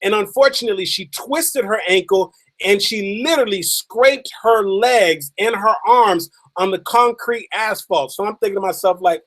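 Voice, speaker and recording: Emphatic high-voiced male motivational speaker. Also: a bit bright. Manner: emphatic, repeats phrases for effect; slows down and stretches key lines for drama. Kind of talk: motivational storytelling speech.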